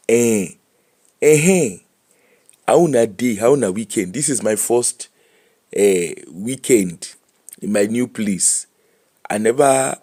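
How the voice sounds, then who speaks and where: Lively Nigerian Pidgin-speaking man. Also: medium pitch, husky. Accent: Nigerian Pidgin English. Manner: animated, laughing, switching between Pidgin and English. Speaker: host. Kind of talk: casual live-stream chat.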